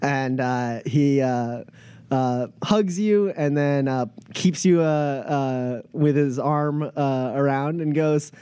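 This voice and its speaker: A man narrating a tabletop role-playing game as game master, halting with many filler sounds. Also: medium pitch, warm tone, clear, resonant tone, dry recording.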